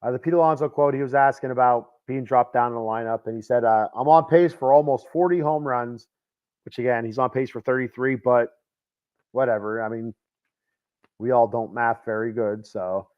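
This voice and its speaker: A man's voice: medium pitch, flat delivery, a little fast. A man hosting a casual solo sports podcast, rambling and self-deprecating, with lots of fillers and restarts. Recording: dull lo-fi sound.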